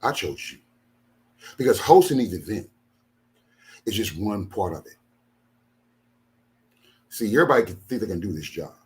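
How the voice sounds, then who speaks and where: Angry deep-voiced older man venting. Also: sing-song, normal speed, pauses often. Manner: aggrieved, repetitive, emphatic. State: tired after a sleepless night. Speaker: ministry leader. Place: home studio.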